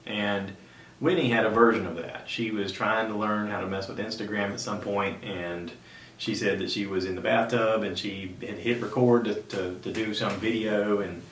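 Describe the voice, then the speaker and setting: A man's voice: steady tone, normal speed, a bit bright. Man telling a story in a roomy room. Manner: rambling retelling with frequent restarts. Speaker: podcast host. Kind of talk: casual storytelling monologue. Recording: roomy sound from a distant mic with faint rumble.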